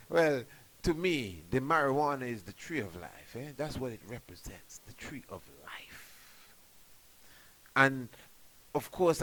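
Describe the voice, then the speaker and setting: A man's voice: mid-range voice, a bit bright, rough recording. A man, a priest giving a spiritual radio talk, emphatic and preaching, often tossing in rhetorical questions and "you know".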